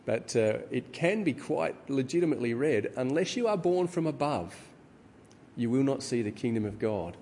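A middle-aged man preaching a sermon, teaching in a measured way with frequent ums. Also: mid-range voice, lively intonation, a little mellow. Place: church hall. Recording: reverberant hall with faint ambience.

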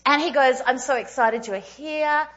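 Female preacher, 30s, higher register, animated, self-mocking storyteller; lo-fi recording. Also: measured pace. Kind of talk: storytelling sermon.

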